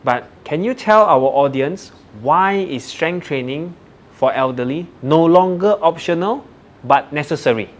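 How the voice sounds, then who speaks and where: A man's voice: a little high, expressive, measured pace. A man hosting a podcast, asking a guest questions and often saying "okay" as a filler. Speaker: podcast host. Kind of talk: interview questions.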